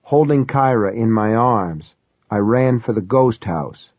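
A man narrating a first-person horror story in a measured, steady way. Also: fairly low pitch, no room sound. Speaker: audiobook narrator. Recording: dry, dull lo-fi recording.

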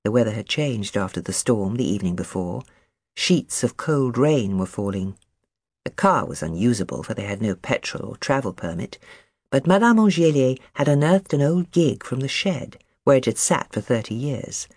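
An audiobook narrator reading a novel chapter in an expressive, varied manner. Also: medium pitch, normal speed, no room sound, clean studio sound.

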